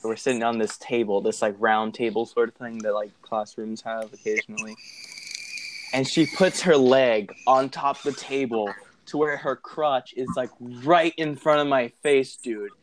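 A young man in casual chat, telling a story with lots of swearing and loud laughs. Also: mid-range voice, normal speed, slight background noise. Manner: animated, swears often, laughs loudly.

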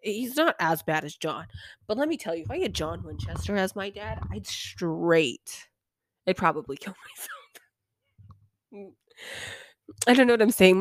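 A woman's voice: medium pitch, no echo, studio quality. A young woman hosting a podcast, casually recapping a TV episode in a chatty, irreverent way, swearing freely and sighing now and then. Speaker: podcast host.

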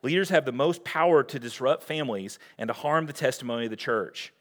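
A man preaching a sermon as pastor, earnest and direct, asking rhetorical questions and moving between loud emphasis and hushed scripture reading. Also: mid-range voice, fairly quick.

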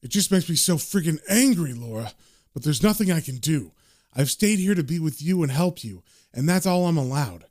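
A man voicing a gentle ghost of a dead husband who speaks softly and tenderly. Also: lively intonation, normal speed. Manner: soft, low and tender.

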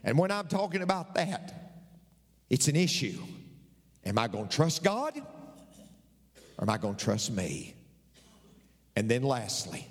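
An older male pastor preaches in a church sanctuary, his medium-pitched voice swooping wildly as he uses dramatic emphasis and repeated phrases. He speaks at a measured pace with frequent pauses, and the sound carries the reverb of a large hall.

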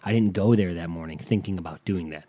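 A man's voice: deep voice, quick pace, dark tone. A young man ranting to camera in a casual comedic monologue, swearing freely and acting out the people he quotes. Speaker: comedic vlogger.

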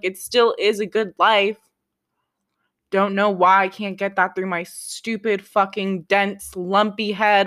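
A young woman speaks straight to the camera in a confessional vlog. Her talk is raw and self-critical, full of swearing and halting restarts, at a pitch typical for a woman. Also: a bit bright. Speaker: vlogger.

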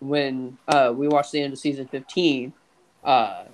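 A young man chats casually as a podcast co-host. He stumbles through his thoughts with repeated restarts and stammers, in an ordinary mid-pitched voice. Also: fairly even intonation, measured pace.

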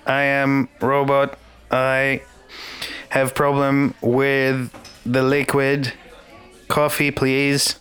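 Guy doing a broken robot dude, talks real slow in stiff chopped bits. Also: mid-range voice, smooth. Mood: mechanical. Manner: halting broken robot phrases, slow and flat. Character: stiff malfunctioning male cafe robot.

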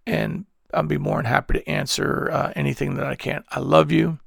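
A man's voice: fairly high pitch, fairly even intonation, normal speed, vocal fry, dry recording, clean studio sound. A man preaching an earnest devotional message to online listeners, then leading them in prayer. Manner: earnest, repetitive, affectionate, drops to near-whisper at times. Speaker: pastor.

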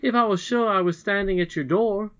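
A man's voice: high-pitched, fairly quick, a bit bright, clear, resonant tone, voice pushed up. A man voicing a polite, earnest young miner boy in a storybook reading. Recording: dull lo-fi recording.

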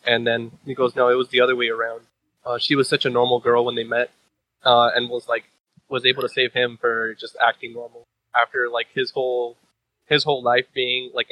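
A man's voice: mid-range voice, sharp tone, no room sound, poor audio. A man recapping a manga chapter in casual chat, rambling with fillers and restarts, swearing and laughing at the story.

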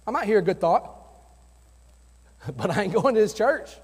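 Man, youth pastor, high voice, earnest conversational sermon, long reverb. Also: expressive, normal speed, breathy edge. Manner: earnest, conversational preaching with personal stories. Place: church sanctuary.

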